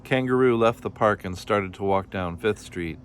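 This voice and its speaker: A man reading a children's picture book aloud in a plain, steady storytelling manner. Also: fairly low pitch, moderate pace, a little hiss or hum. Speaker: storybook reader.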